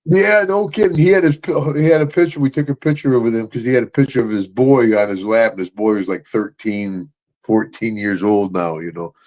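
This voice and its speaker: A man's voice: lowish voice, fairly quick, a little mellow. An older man, a retired wrestler hosting his own show, telling stories in casual chat, boisterous and laughing often.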